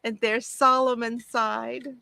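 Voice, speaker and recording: A woman's voice: a little high, level tone, takes it slowly, creaky, sharp tone, dry recording. A woman hosting a casual crafting livestream, chatty and gushing as she answers viewer comments from home.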